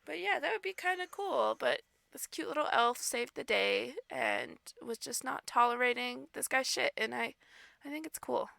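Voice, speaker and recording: High, gravelly young woman podcaster. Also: animated, moderate pace, pushed and bright, dry recording. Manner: giggly, swears casually. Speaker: podcast co-host. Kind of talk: casual chat.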